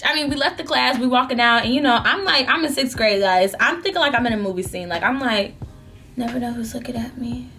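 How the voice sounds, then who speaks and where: Animated young woman vlogger telling a story. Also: fairly high pitch, fairly quick, soft background music. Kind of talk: casual storytime while eating.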